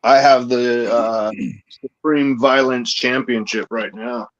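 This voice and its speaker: A man appearing as a guest wrestler on a podcast, talking haltingly with many fillers. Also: mid-range voice, steady tone, muffled recording, crowd noise. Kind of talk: casual podcast interview.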